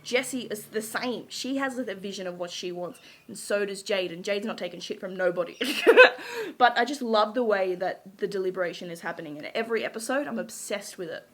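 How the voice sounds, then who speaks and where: A woman's voice: mid-range voice, expressive, a little fast, fairly bright tone. A young woman chatting casually, bubbly and giggly, gushing as she recaps a show. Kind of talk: casual chat.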